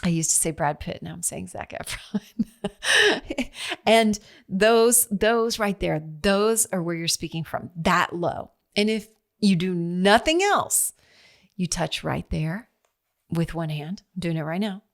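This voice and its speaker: A middle-aged woman hosting her own podcast, talking in a chatty, expressive way and laughing at herself as she goes. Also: on the low side, slow, vocal fry. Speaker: podcast host. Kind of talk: casual solo monologue. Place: seated at home recording.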